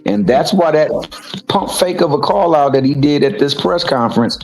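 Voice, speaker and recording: A man's voice: on the high side, expressive, normal speed, faint music behind, low-quality recording. A man co-hosting a casual boxing talk show, making his points emphatically and often repeating words. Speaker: co-host.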